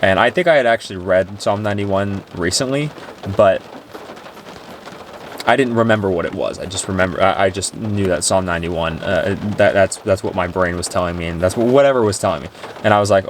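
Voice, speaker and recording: A man's voice: sits low, fairly quick, slight background noise. A man talking earnestly and emotionally to camera about his faith, rambling with restarts and sounding tearful. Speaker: Christian vlogger. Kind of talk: personal faith talk to camera.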